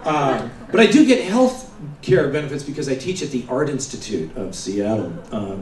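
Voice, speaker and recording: A man doing a stand-up comedy set, telling a rambling story with shouted character bits, from the of America. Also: fairly high pitch, slight background noise. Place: comedy stage before a laughing audience. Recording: roomy live venue, mic heard from a distance.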